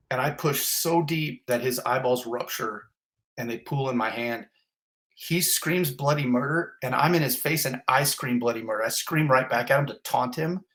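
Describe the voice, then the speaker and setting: A man's voice: mid-range voice, fairly bright tone. Blunt, intense man telling his story. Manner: vivid, blunt storytelling with swearing. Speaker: fire captain. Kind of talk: intense first-person retelling.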